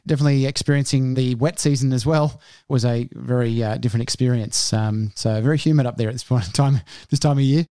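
A man's voice: mid-range voice, fairly even intonation, fast talker, hardly any pauses, warm tone, smooth, no echo. Rambling male co-host, dry sound. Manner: rambling, with many "uh" fillers. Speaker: podcast co-host. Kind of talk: casual interview chat.

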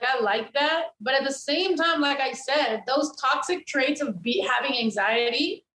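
A woman talking casually and frankly, swearing freely and rambling through her thoughts with plenty of "like"s. Her voice sits a little high. The room is echoey, with faint noise behind. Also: fairly bright tone. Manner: candid, profane, rambling with many fillers. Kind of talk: casual chat.

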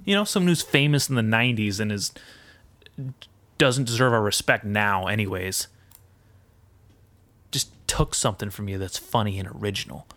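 A man's voice: on the low side, normal speed, long pauses, a bit bright, no echo. A man ranting in a rambling, foul-mouthed monologue as a podcast host, mixing indignation with self-deprecating asides. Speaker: podcast host and aspiring comedian.

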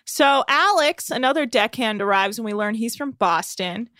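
A woman with a slightly high voice talks through a reality show episode in a quick, sarcastic, chatty way. She is recorded close on a dry mic with no room sound. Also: dry recording. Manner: chatty and sarcastic, mimics people in a flat monotone. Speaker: podcast co-host recapping a reality show. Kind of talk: casual chat.

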